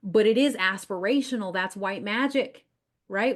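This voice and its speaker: A business coach with a Southern US accent hosts a marketing podcast, her mid-range voice moving at a normal speed. She speaks with confidence and emphasis, acting out what her clients say in quoted voices.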